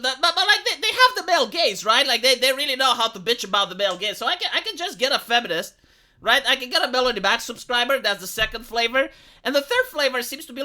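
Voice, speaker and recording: Bright-voiced sarcastic male streamer. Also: very high-pitched. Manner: sarcastic, rambling, mocking. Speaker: livestream host. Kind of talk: livestream commentary.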